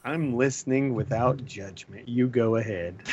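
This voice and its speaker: A man co-hosting a podcast in casual chat, telling stories with animated energy and frequent laughs. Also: mid-range voice. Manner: animated storyteller, laughs often. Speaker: podcast co-host. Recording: dull lo-fi sound.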